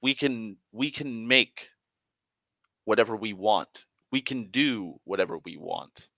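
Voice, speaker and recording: A man voicing a calm, fatherly male elf god who speaks in a quiet, measured, patient way while retelling a tabletop game. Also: lowish voice, gravelly, no echo, heavily acted. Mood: explaining.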